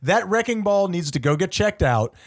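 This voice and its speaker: High, lively man teasing his co-host. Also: moderate pace. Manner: teasing, mock-serious quiz-master delivery; sarcastic ribbing. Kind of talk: joking banter between co-hosts.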